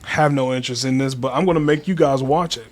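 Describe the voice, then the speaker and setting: A man's voice: a little high, fairly bright tone. A man co-hosting a podcast in casual chat, joking and laughing. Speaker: podcast co-host.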